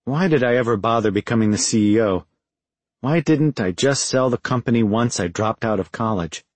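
A man reading a first-person audiobook in a measured, reflective way. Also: medium pitch, dry recording. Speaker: audiobook narrator.

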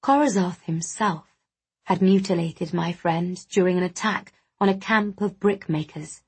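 A woman narrating a first-person audiobook in a measured storytelling manner. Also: fairly low pitch, a little mellow, husky.

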